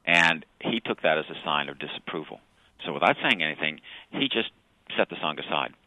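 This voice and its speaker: A man telling anecdotes as a guest on a radio interview, halting at times with fillers. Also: rumbling low, expressive, pushed and bright, dry recording, poor audio.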